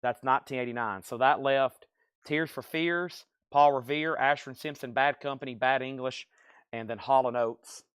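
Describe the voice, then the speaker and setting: A man running a live record sale stream, rattling off titles, buyers and prices in a brisk, upbeat patter, with a noticeable accent of his own. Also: medium pitch, fairly even intonation, a bit bright, smooth, dry recording. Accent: regional accent he mentions himself. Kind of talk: live sales stream, reading out items and buyers.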